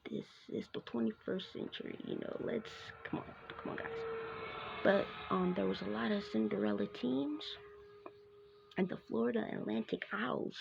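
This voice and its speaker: A woman's voice: mid-range voice, moderate pace, vocal fry, highs cut off, slight background noise. A woman hosting her own basketball show, chatting casually through a sports recap with lots of fillers and asides.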